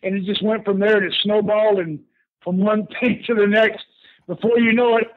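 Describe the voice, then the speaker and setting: A man's voice: high voice, steady tone, brisk. Older man on a tinny phone line. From Houston, Texas. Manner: acts out quoted people, laughs often. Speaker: guest, former pro wrestler. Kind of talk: casual storytelling. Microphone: phone call.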